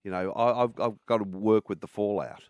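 Australian man, co-host, fairly low voice, dry studio sound, teasing. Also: normal speed, a little mellow, clean tone, no room sound. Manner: wry, teasing. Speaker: breakfast radio co-host. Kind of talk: casual chat. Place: radio studio. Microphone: studio mic.

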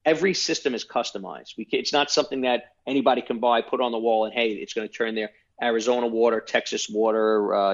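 In a slightly dull-sounding recording, a medium-voiced man from New York, a company founder, relates his story through casual interview answers peppered with fillers.

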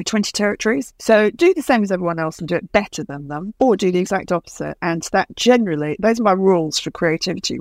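A woman's voice: on the low side, no room sound. A woman in her fifties, a television producer and speaker, talking in an interview, emphatic and storytelling, acting out quoted dialogue. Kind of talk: conversational interview.

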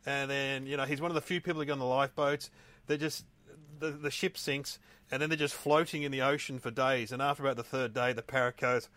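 A man's voice: mid-range voice, fairly even intonation, fast talker, a bit bright, no room sound. A man co-hosting a casual chat, telling an old joke with frequent restarts and laughs.

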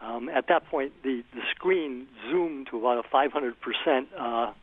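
A man calling into a radio show, telling his computer problem step by step with many pauses and fillers. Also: medium pitch, husky, no room sound. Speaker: caller. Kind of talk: call-in phone question. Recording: tinny phone line.

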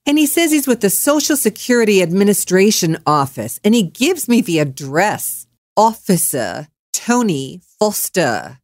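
A woman's voice: mid-range voice, big pitch swings, measured pace, no echo, studio quality. A woman radio host ranting on air, furious, mocking and swearing freely. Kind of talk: angry on-air rant.

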